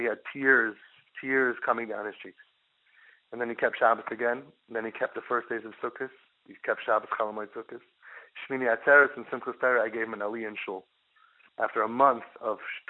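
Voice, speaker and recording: A middle-aged man, a parenting guide, telling a case story in an animated way and repeating words for emphasis. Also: medium pitch, brisk. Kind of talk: storytelling talk. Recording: tinny phone-line sound.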